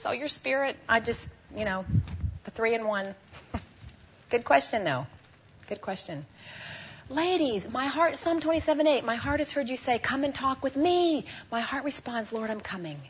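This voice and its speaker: A woman teaching a women's group in a lively way, often asking the audience questions and having them fill in words. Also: a little high, a little hiss or hum. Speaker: Bible teacher at a women's gathering. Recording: dull lo-fi recording.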